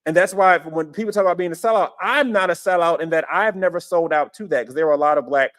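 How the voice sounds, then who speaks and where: A man's voice: fairly high pitch, fast, a bit bright. A man hosting a podcast in casual commentary, emphatic and repeating his phrases. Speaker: podcast host.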